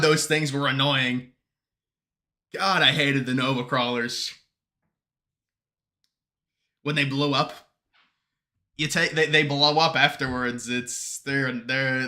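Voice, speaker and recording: Bright-voiced man mocking on a live stream. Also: fairly high pitch. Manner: mocking, laughs often, trips over words. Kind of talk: casual live-stream commentary reading chat.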